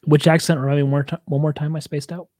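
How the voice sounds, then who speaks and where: Jokey cussing podcast cohost, average pitch, super dry mic. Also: level tone, quick pace, mellow, no room sound. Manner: blunt, profane, jokey. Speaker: podcast co-host. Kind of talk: casual chat.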